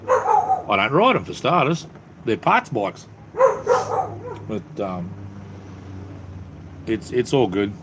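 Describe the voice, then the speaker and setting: A man's voice: fairly low pitch, wildly swooping pitch, takes it slowly, pauses often, very noisy. A middle-aged man with an Australian accent, hosting a casual live stream in a rambling, laid-back way with many ums. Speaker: livestream host. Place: cleared-out space under his house.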